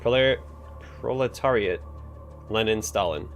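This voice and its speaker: A jittery clerk from a role-playing game, read by a man, stumbling over his words and apologizing as he goes. His voice sits fairly low. Faint music plays in the background. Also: measured pace. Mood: nervous. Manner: stammering, apologetic. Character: nervous male clerk with verbal tics.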